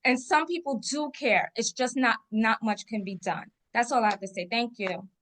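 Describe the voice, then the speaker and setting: A woman speaking sincerely and in a measured way as a podcast guest. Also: a little high, a bit bright. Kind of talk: casual chat.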